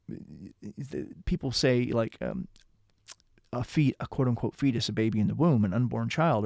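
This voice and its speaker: A man's voice: medium pitch, creaky, a little mellow, no echo, clean studio sound. A middle-aged man, a religious teacher, giving an earnest, emphatic lecturing monologue and repeating key words for emphasis.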